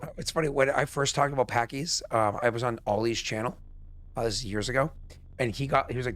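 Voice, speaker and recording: A game master hosting a live tabletop stream chats loosely in a New England accent, swearing freely and acting out the people he quotes. He's a fast talker with a medium-pitched, fairly bright voice, and a faint hiss sits beneath it.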